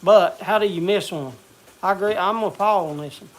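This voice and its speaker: A man's voice: sits high, normal speed. A man chatting casually on a livestream, rambling and searching for words. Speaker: vlogger.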